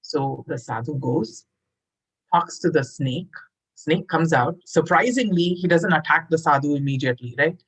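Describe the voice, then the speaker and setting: A woman telling a moral story in a lively, conversational way, talking straight to her listeners. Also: low-pitched, normal speed, slightly rough, poor audio. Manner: animated and conversational, addresses listeners directly. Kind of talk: storytelling for children.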